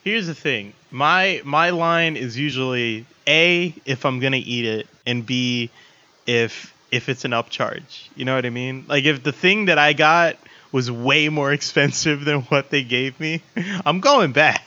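Bright-voiced blunt man, swearing. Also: medium pitch, a little slow, highs cut off. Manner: blunt, profane, joking. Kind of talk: casual chat.

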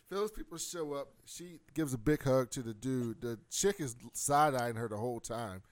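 A man hosting a casual podcast chat, retelling a TV episode with animated storytelling and frequent laughter. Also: medium pitch, moderate pace, dry recording.

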